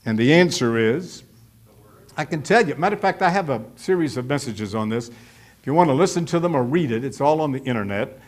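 A man's voice: mid-range voice, lively intonation, brisk. A middle-aged man preaching a sermon as pastor, folksy and emphatic, acting out quotes from people he talks about.

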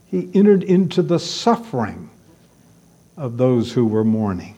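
A man's voice: mid-range voice, big pitch swings, moderate pace, darkish tone, husky. A man preaching a sermon, emphatic and repeating key words for stress.

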